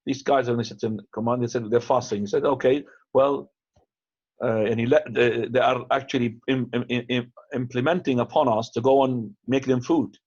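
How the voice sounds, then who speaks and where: Husky-voiced man teaching, lo-fi sound. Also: medium pitch, fairly even intonation, moderate pace, darkish tone. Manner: casual and conversational, mixes in Arabic phrases, frequent restarts. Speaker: teacher answering questions. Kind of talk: lecture with questions. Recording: dull, lo-fi upload.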